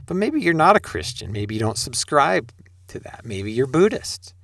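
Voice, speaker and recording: A man's voice: mid-range voice, very animated, normal speed, gravelly, fairly bright tone, dry recording, studio quality. A middle-aged man giving a sermon-style spiritual talk, asking rhetorical questions and speaking straight to his listeners. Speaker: spiritual teacher.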